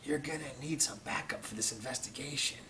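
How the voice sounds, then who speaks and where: A man's voice: medium pitch, brisk, distant mic, slight background noise, close to an everyday voice. A man voicing an old woman recluse who whispers suspiciously. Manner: whispered, hushed. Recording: audience laughter behind.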